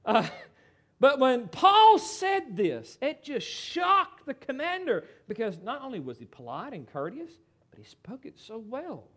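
A middle-aged American man preaching a sermon in an animated, conversational way, with asides to the congregation. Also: extremely high pitch, unhurried. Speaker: pastor.

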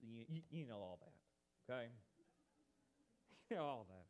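A man from the United States preaching a sermon, animated and emphatic, with chatty asides to his congregation. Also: mid-range voice, measured pace.

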